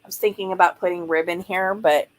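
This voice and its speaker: A woman's voice: on the low side, steady tone, fast, rough recording. A woman chatting casually while she works on a craft project, thinking aloud and explaining each step as she goes. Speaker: journaling crafter. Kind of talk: casual craft tutorial chat.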